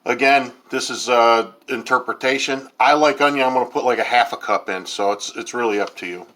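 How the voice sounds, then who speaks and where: A man's voice: medium pitch, fairly quick, bright, forceful tone. A man in his fifties hosting a casual cooking video, talking in a rambling way with lots of ums and uhs. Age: 50s. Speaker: home cook host.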